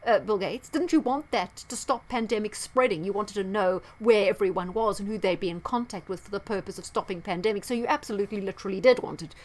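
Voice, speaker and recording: A woman's voice: mid-range voice, fast talker, hardly any pauses. Indignant woman vlogger, sarcastic and emphatic, mid-range voice. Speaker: astrology vlogger. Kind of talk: sarcastic commentary vlog.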